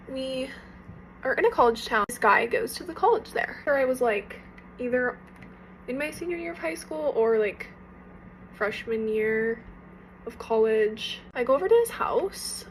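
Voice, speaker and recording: A young woman with a fairly high voice tells a story while getting ready. She talks in a chatty, casual way, and faint noise hangs in the background. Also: rough recording. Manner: chatty, casual, lots of fillers.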